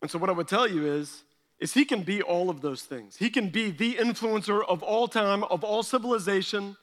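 A man preaching a sermon from a stage in an animated, conversational way. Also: high voice, normal speed, in a large hall. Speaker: pastor. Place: large hall stage.

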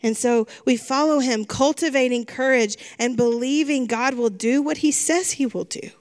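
Woman, middle-aged, pastor, sermon, earnest, repeats phrases, fairly high voice. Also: moderate pace, darkish tone.

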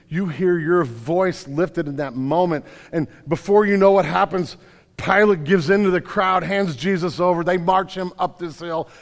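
Man preaching in an echoing hall. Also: high-pitched. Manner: vivid storytelling, addressing listeners directly as "you". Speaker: pastor. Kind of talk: sermon.

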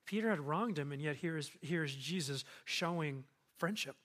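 High-voiced man preaching a sermon. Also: moderate pace, a bit bright. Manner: conversational and earnest, rising to emphatic. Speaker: pastor.

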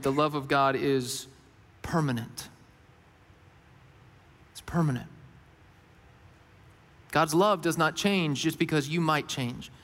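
High-voiced preacher in a reverberant hall. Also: male voice, fairly bright tone. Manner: earnest, rises for questions and drops low for emphasis. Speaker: pastor. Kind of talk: sermon.

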